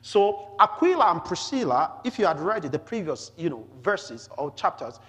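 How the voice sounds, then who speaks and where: A man preaching a Bible teaching sermon, reading scripture aloud with rising emphasis and pausing to explain it, often saying hallelujah. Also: on the high side, very animated, a bit bright, breathy edge, big-room sound. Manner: peppers talk with "glory to Jesus" and "hallelujah".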